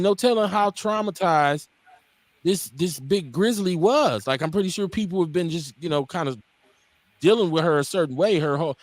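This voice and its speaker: A man's voice: on the high side, no room sound. A man in his forties from Milwaukee, hosting a casual talk radio show, blunt and profane, acting out the people in his stories. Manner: animated storyteller, acts out quotes.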